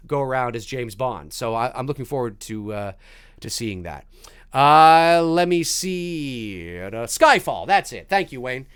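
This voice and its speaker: A man's voice: medium pitch, a bit bright, clear, resonant tone, dry recording, clean studio sound. A man hosting a casual live stream, rambling through viewer questions with many restarts and reading chat messages aloud. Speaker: voice actor. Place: home recording studio.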